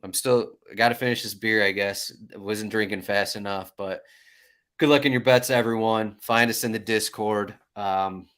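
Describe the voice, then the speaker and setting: A man's voice: fairly low pitch, steady tone, moderate pace, fairly bright tone, smooth. A man hosting a sports betting podcast, chatty and upbeat as he asks questions and plugs the website. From Michigan. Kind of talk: casual chat.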